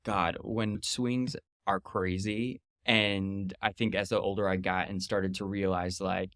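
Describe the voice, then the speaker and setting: A man's voice: deep voice, level tone, measured pace, fairly bright tone, dry recording, clean studio sound. A man in his thirties, a podcast guest talking casually and chattily, full of fillers and quoted retorts. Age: 30s.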